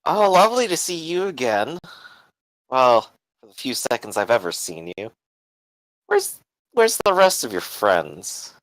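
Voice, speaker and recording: A man's voice: medium pitch, very animated, measured pace, long pauses, fairly bright tone, no echo, voice pushed up, rough recording. Man doing a mocking, lilting vampire elder woman in a tabletop game, dry close sound. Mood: teasing. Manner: smirking, mocking. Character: sly woman vampire elder on an iron throne.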